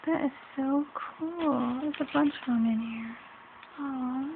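A woman's voice: high voice, slow, creaky. A middle-aged woman chatting casually in her home hallway as she opens a craft swap package, gushing and exclaiming over each item. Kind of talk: casual unboxing chat. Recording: tinny lo-fi audio with hiss.

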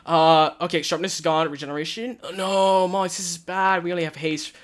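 A young man wearing a headset, giving nervous, excited gameplay commentary and crying out in panic as he plays. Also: high voice, brisk. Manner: nervous, shouts and cries out in panic. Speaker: gaming channel host. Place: hot room at home.

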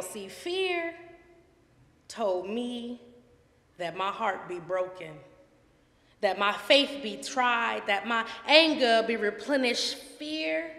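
Woman doing spoken word at a gallery, kinda high voice, slow and dramatic, lots of room echo. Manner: dramatic, swells from hushed to loud lines. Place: art gallery event before a live audience. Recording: echoey room with long reverb.

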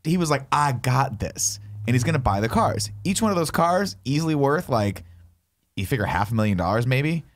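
A man's voice: medium pitch, very animated, moderate pace. A man in a casual movie review chat, sharing enthusiastic opinions with frequent restarts. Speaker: podcast host.

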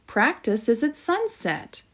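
Storybook: gentle, encouraging teacher bug, voiced by a woman, slow and warm-hearted. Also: on the high side, sing-song, full character voice. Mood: announcing. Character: kind female teacher bug. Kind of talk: storybook read-aloud.

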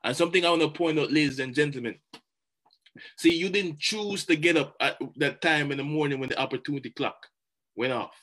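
A man giving a motivational talk, animated and chatty, often repeating words as he goes. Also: on the high side, fairly quick, slight background noise. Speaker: motivational speaker.

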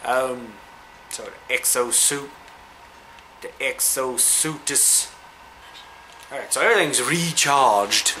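A man giving chatty, excitable let's-play commentary, cooing at the creatures he meets. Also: mid-range voice, slow, pauses often, a little hiss or hum, rough recording. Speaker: gamer.

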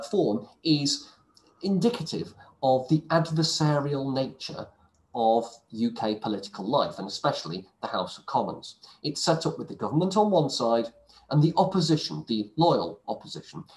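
A man teaching a recorded lesson to his students, talking briskly and discursively, with asides and self-corrections. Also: mid-range voice. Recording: echoey room recording.

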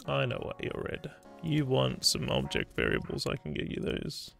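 A man's voice: mid-range voice, wildly swooping pitch, normal speed, gravelly, fairly bright tone, faint music behind. A man with an Australian accent, streaming live as he codes, rambling and thinking aloud with frequent restarts. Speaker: streamer and game developer. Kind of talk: casual live-stream chat while coding.

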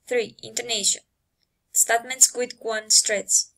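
A woman reading pronunciation drills aloud, placing each word slowly and carefully. Her voice sits a little high. The reading is steady and deliberate. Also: rough recording. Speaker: English learner.

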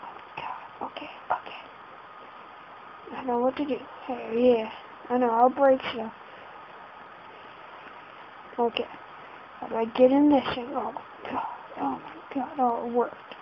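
Brief: woman gamer, slightly high voice, panicky running commentary, muffled lo-fi recording with faint hiss. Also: fairly even intonation, unhurried, long pauses. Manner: flustered, keeps exclaiming in panic. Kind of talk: casual let's-play commentary. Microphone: laptop setup. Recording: dull lo-fi home recording.

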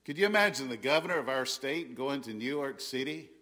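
A Southern American man preaches a sermon with a bright, ringing voice. He presses his points hard and often stops to restart a sentence. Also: mid-range voice, lively intonation, a little fast. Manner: emphatic, rising loud on quoted scripture, frequent restarts. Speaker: pastor.

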